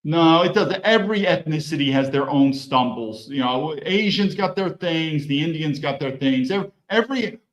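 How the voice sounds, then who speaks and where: A man's voice: on the high side, expressive, normal speed, few pauses. A man hosting a political commentary show, reacting bluntly to news clips with mocking asides.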